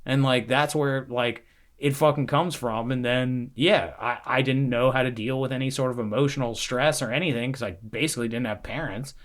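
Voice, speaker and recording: A man's voice: mid-range voice, fairly even intonation, moderate pace. Guy in his 30s on a recovery podcast, swears a lot, blunt and emotional. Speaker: podcast co-host sharing recovery story. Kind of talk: casual chat.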